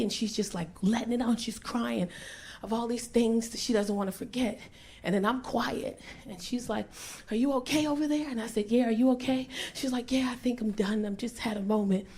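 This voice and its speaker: A woman's voice: mid-range voice, a little mellow, slightly rough. A woman in her thirties doing stand-up, telling brash, profane stories and acting out the people in them, on a club stage with a handheld mic. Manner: brash, profane, acts out quoted voices. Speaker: stand-up comedian. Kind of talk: stand-up storytelling. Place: comedy club stage with audience. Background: audience laughter.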